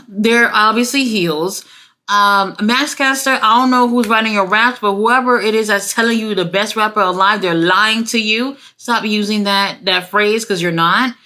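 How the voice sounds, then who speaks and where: A woman talking through a wrestling show review in a loose, casual way. Her voice is bright and forward. She is blunt and fed up, swears freely and jumps into lively asides. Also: medium pitch, measured pace.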